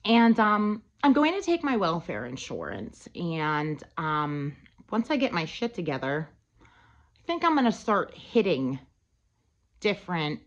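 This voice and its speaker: A woman's voice: lowish voice, dull audio. A woman vlogger telling a long, profane, rambling story in casual chat, recorded on a phone. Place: Pennsylvania.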